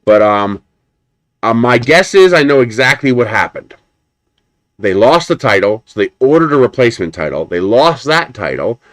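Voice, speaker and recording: A man's voice: mid-range voice, sing-song, normal speed, a bit bright, dry recording, studio quality. A man hosting a live stream, chatting casually and rambling as he unboxes a printer and answers viewers. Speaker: 3D printing livestream host.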